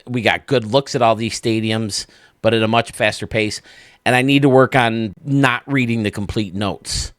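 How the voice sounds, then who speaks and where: A man with a fairly low voice hosts a gaming channel, chatting casually about what he sees. He gushes and rambles, breaking into laughs often. The recording is close and dry, with no room sound. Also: no echo. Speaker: video game channel host. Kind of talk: casual gameplay commentary.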